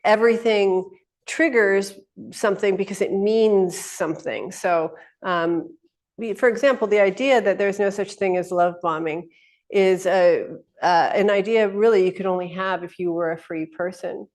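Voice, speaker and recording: A woman's voice: medium pitch, moderate pace, darkish tone. A middle-aged woman talking off the cuff. She rambles through fillers and restarts and often laughs. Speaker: host. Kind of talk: casual spoken talk.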